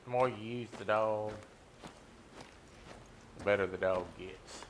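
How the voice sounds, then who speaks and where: Streaming a hunting game, a man keeps things relaxed as he chats with and teases his viewers. He speaks unhurriedly in a low-ish voice with fairly even intonation, and there's slight background noise.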